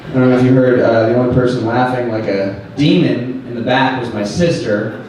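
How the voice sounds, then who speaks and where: A man's voice: mid-range voice, fairly quick. A man doing stand-up crowd work, brash and self-mocking, swearing freely. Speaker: stand-up comedian. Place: small comedy club stage. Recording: echoey club from a distance, audience noise. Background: audience laughter.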